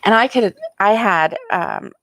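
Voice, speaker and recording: An older woman hosting a casual livestream from her chair at home, talking softly and haltingly with many ums, tired and yawning. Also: medium pitch, huge pitch swings, gravelly, no room sound, studio quality. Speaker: host.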